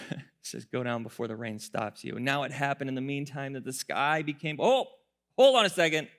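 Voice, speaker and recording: A male pastor preaching a sermon, telling the story with animated voices, laughter and occasional shouts. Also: mid-range voice, fairly quick.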